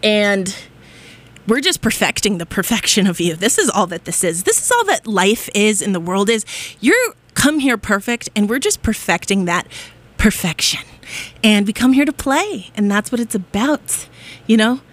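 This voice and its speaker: A woman's voice: medium pitch, sing-song, normal speed. A woman hosting a college radio show, giddy and exuberant, laughing often and whooping in a studio. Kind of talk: bubbly radio chat.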